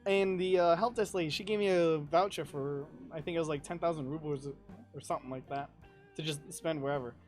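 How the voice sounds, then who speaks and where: A man's voice: a little high, a little fast, soft background music. A young man, a podcast guest, telling a travel story in casual chat, swearing freely and laughing as he talks. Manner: profane, animated, laughs through his story.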